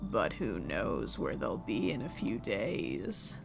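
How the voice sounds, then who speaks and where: A woman voicing a sinister male stranger in a game, speaking slowly in a low, drawling, menacing voice. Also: wildly swooping pitch, vocal fry, music in the background, heavily acted.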